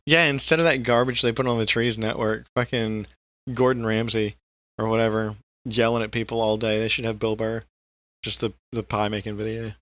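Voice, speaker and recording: A man's voice: lowish voice, flat delivery, fairly quick, a bit bright. A man co-hosting a podcast in casual, rambling chat, swearing freely and laughing often. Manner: rambling and profane, with frequent laughter. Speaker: podcast co-host.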